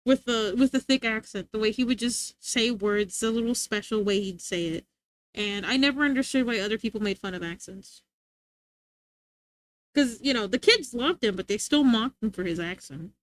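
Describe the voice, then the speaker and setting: A woman's voice: on the high side, normal speed, no echo. A young woman livestreamer chatting casually with her viewers, rambling and often giggling.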